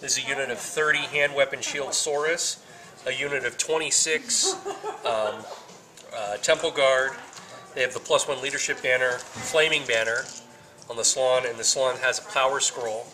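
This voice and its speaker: A man's voice: mid-range voice, steady tone, moderate pace, poor audio. A man playing a tabletop game, listing his army in a matter-of-fact way with frequent ums. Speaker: opposing tabletop player. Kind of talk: casual game talk. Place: indoor game store. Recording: camera mic picking up a busy crowd.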